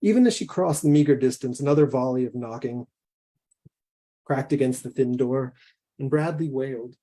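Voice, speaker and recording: A man, a guest author, reading his own fiction aloud in a measured, deliberate way. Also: medium pitch, warm tone.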